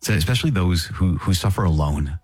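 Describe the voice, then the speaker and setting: A male Catholic priest gently closing a program with a prayer and a sign-off. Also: low voice, lively intonation, fairly quick, husky, soft background music.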